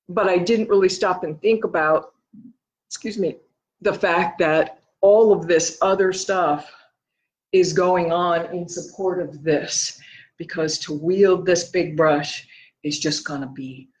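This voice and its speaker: A woman's voice: lowish voice, steady tone, darkish tone, echoey room, poor audio. A woman from the United States, a painter, chatting casually in her studio while thinking aloud, a little out of breath, recorded on a laptop. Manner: thinking aloud, rambling and halting. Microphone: laptop microphone.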